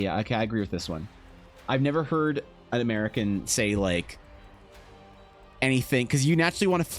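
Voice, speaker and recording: A Canadian man chatting casually on a live stream, rambling and sardonic, with the odd swear. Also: medium pitch. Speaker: streamer and artist.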